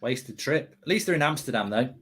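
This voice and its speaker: A man hosting a live football watchalong, chatting excitedly with frequent restarts. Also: mid-range voice, slightly rough. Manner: excitable, quick restarts and self-corrections. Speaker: host.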